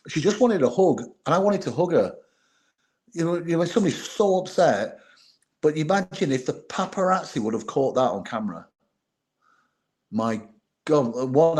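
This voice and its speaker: A man in his fifties, a former bodyguard, recalling the past as a podcast guest in a quiet, earnest way, thinking aloud. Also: medium pitch. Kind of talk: reflective interview storytelling.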